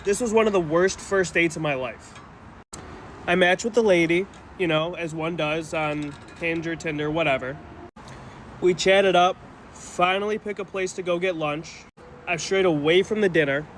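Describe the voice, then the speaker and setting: A man's voice: fairly high pitch, fairly bright tone, slight background noise. A man telling a first-person story in a casual, earnest way, still rattled by what happened. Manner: rattled, earnest, quick retelling. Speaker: storyteller in a social media clip.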